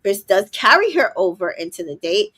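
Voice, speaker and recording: A woman's voice: mid-range voice, sing-song, moderate pace, pushed and bright, husky. A woman who is a mother of two boys, co-hosting a casual recap chat, summarizing events with many ums and exasperated asides. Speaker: co-host.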